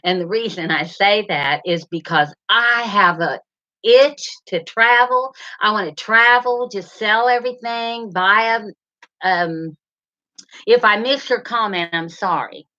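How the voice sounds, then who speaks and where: On a livestream with somewhat dull lo-fi sound, a slow-talking woman reads out comments and addresses viewers by name. Her medium-pitched voice comes across pushed and bright, and she's chatty and rambling.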